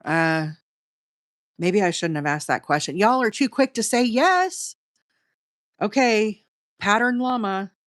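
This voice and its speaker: A woman's voice: fairly low pitch, a bit bright, dry recording, studio quality. A middle-aged woman with a Southern US accent, hosting a crochet livestream in a chatty, rambling way and talking straight to her chat. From Alabama, US. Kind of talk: casual live-stream chat while crocheting.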